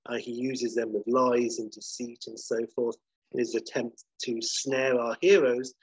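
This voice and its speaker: A man's voice: mid-range voice, steady tone, measured pace, breathy edge, dry recording, low-quality recording. A man casually retelling a film plot, chatty with many fillers, acting out the dialogue.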